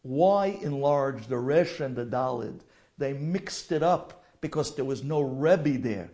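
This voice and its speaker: A man telling an emotional personal story in a halting way, dropping to whispers and mixing in Yiddish and Hebrew terms. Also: mid-range voice, expressive, mellow.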